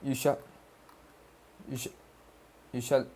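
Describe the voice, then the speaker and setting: A man streams himself studying and speaks in a put-on Arabic-style accent. He talks slowly and loosely, throwing in slang and the odd curse as he answers chat. His words often trip and restart. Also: medium pitch, flat delivery, dark tone. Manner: slangy and loose, reads chat aloud, swears, stumbles over words. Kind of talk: casual study livestream, chatting with viewers.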